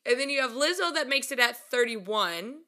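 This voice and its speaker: A young woman telling a story casually and mocking herself, laughing often and jumping up in pitch when she acts out quotes. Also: moderate pace. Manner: chatty and self-mocking, laughs a lot; animated, voice jumps up when acting out quotes. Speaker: vlogger.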